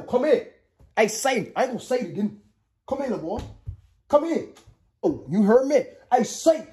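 A woman talking in a casual home vlog, slangy, joking and rambling. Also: sits low. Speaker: vlogger.

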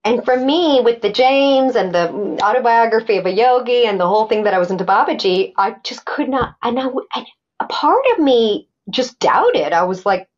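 A woman's voice: fairly high pitch, lively intonation, moderate pace, muffled recording. A middle-aged woman recounting a personal story as a podcast guest, animatedly acting out quoted dialogue with many restarts.

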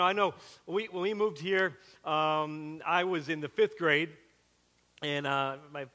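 Male pastor, middle-aged, Southern accent, high bright voice, chatty storyteller, reverberant sanctuary. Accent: Southern with a Western Pennsylvania twist. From South Carolina. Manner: chatty, animated storytelling with frequent asides. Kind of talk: sermon with personal story. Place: church sanctuary. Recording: long hall reverb from a church sanctuary.

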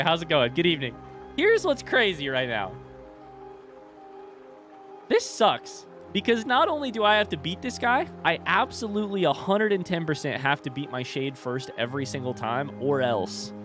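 A young man live-streaming a video game, reacting loudly and swearing when hit while chatting with viewers. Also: on the high side. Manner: excitable, swears and yelps when hit, reads chat aloud. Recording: game music behind voice. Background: game music.

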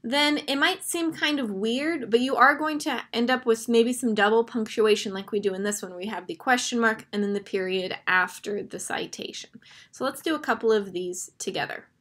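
A woman's voice: a little high, moderate pace, a bit bright. A woman teaching a grammar lesson, patiently walking through each step over a screen recording.

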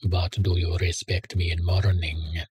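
A man's voice: low-pitched, level tone, slow pace, darkish tone, slightly rough, full character voice. A man doing a whispering, grinning homeless man with a Russian accent. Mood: teasing. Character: homeless man, early thirties, grinning and flirtatious.

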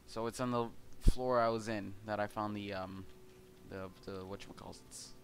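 A man's voice: on the low side, steady tone, moderate pace, slight background noise. A young man from California, commenting casually on a video game, rambling with many fillers, restarts and casual swearing. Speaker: let's play host.

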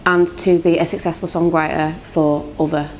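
A young woman with a London accent, a singer and songwriter chatting as an interview guest, quick-talking and giggly. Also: sits low, flat delivery, a little hiss or hum. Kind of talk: casual interview chat.

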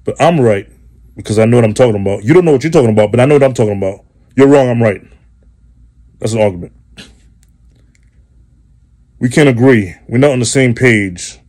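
A man's voice: mid-range voice, fairly quick, long pauses, a little mellow. A man hosting a show, delivering a rambling, profane comedic monologue. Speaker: host.

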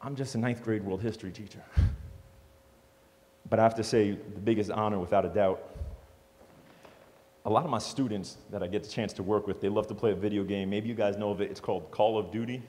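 Fast-talking man telling stories in a hall. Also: on the low side. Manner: animated, joking storyteller. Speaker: motivational speaker. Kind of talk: storytelling speech to an audience. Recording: long hall reverb.

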